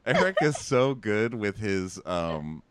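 A man's voice: fairly low pitch, slow pace, clear, resonant tone, dry recording. A man co-hosting a casual podcast chat, gossiping with many "like"s. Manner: animated, gossipy, lots of "like". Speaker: podcast co-host.

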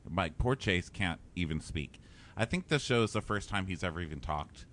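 A man's voice: deep voice, expressive, moderate pace, a bit bright. A man co-hosting a casual chat, sarcastically recapping a show and acting out quotes in mock voices. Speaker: podcast co-host.

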